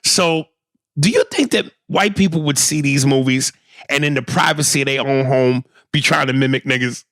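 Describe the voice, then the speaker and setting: A man co-hosting a podcast in casual chat, animated and swearing freely. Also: mid-range voice, fairly quick, no room sound, clean studio sound. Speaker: podcast co-host.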